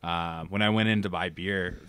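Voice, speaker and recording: A young man from Minnesota, a guest on a podcast, telling stories in an animated, casual way with many fillers. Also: deep voice, moderate pace, clean tone, no echo. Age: young adult. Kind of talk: casual chat.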